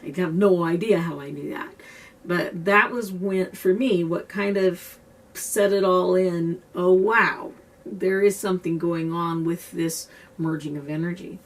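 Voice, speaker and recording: A woman's voice: on the low side, unhurried, distant mic. A woman explaining being an empath in an earnest, conversational way, with loose restarts, as she talks to camera. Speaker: self-described empath teaching a technique. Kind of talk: casual explanatory talk to camera.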